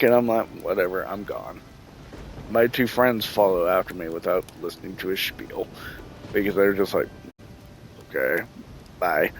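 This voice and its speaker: A gaming channel host with a gravelly, mid-range voice tells a story in casual, profane chat, laughing often and acting out what people said. The recording is rough, with a little hiss or hum.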